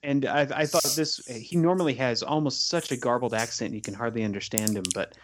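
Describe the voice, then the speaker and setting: A man chatting casually about a film with friends, jumping into silly voices to replay scenes. His voice sits in an ordinary middle pitch. A faint hiss of noise sits under the recording. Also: a little fast. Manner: animated, quotes scenes in funny voices. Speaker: podcast co-host. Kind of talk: casual movie discussion.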